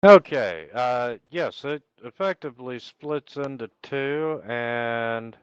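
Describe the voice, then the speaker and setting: Slow, smooth-voiced male game master. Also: mid-range voice, expressive, no room sound, dull audio. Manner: unhurried, thinks aloud with ums while checking rules. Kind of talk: running an online tabletop game.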